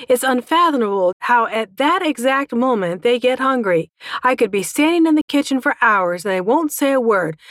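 A woman's voice: a little high, no room sound, studio quality, voice pushed up, natural voice. A woman reader voicing a huge, short-tempered mother dragon who squawks and snaps. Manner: squawking, snappy, easily flustered.

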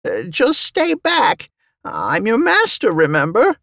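A man voicing a scheming male djinn who is arrogant but quick to cower, in an audiobook. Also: very high voice, wildly swooping pitch, gravelly, bright, forceful tone, no echo, clean studio sound, pitched above the performer's own voice, heavily acted. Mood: nervous.

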